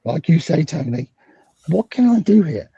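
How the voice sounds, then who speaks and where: A man's voice: sing-song, moderate pace, warm tone, husky, no room sound, highs cut off. A middle-aged British man telling a story as a guest, acting out the dialogue he quotes. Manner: acts out quoted dialogue with big swings in pitch. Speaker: guest psychologist. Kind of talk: animated storytelling in a conversation.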